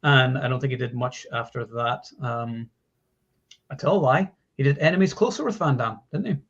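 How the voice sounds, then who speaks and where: A man's voice: medium pitch, moderate pace, highs cut off. A man hosting a casual movie chat, talking in long runs with many fillers and restarts. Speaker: podcast host.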